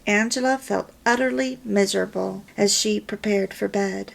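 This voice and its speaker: A woman reading a story aloud in a deliberate, measured way. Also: medium pitch, creaky. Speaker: reader of a homemaking course.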